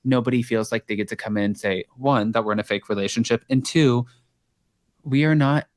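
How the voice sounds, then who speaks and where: A man co-hosting a casual podcast chat, telling jokey stories in an animated, profane way. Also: medium pitch, fairly quick, no room sound, studio quality. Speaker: podcast co-host.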